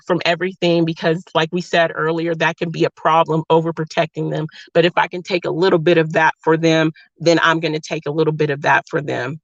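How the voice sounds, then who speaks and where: A woman chatting casually on a livestream, reading viewer comments in a warm, affectionate, emotional way. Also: fairly low pitch, gravelly, no echo. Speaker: livestream host. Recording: dry, slightly dull lo-fi sound.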